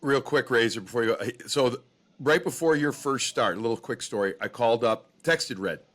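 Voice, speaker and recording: A man's voice: mid-range voice, brisk, a bit bright. A man co-hosting a hockey podcast, chatty and rambling, telling stories with many restarts. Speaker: podcast co-host, hockey broadcaster. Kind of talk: casual podcast interview.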